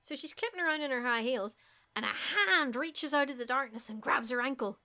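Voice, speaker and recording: A woman, casually retelling a film as a giggly, animated storyteller. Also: high voice, a little fast. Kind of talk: casual chat recapping a film.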